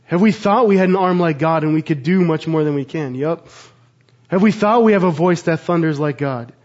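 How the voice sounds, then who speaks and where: A pastor in his thirties preaches in a notably high voice, pressing his listeners with earnest rhetorical questions. The recording sounds a little dull and muffled. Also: fairly quick, darkish tone. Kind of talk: sermon.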